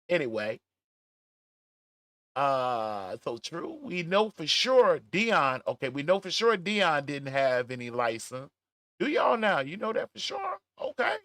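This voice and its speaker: A middle-aged man hosting a casual livestream, reading chat comments aloud with laughter and drawn-out emphasis. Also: mid-range voice, fairly bright tone, dry recording. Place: at home, smoking a cigar.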